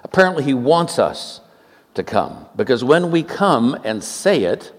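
A man in his seventies from Oakland, California, preaching a sermon with humorous stories, joking and animated, with quick asides. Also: medium pitch, big-room sound. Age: 70s.

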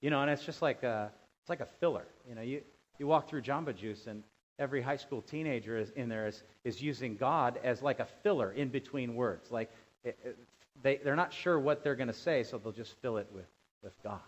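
A man preaching a sermon as pastor, animated, dropping to quiet asides and rising to loud emphatic bursts. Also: medium pitch, fairly quick. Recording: dull lo-fi sound.

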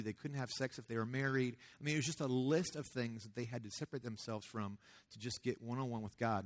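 Man, youth pastor, casual sermon, conversational, animated. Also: medium pitch. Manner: conversational, animated, acts out quoted voices.

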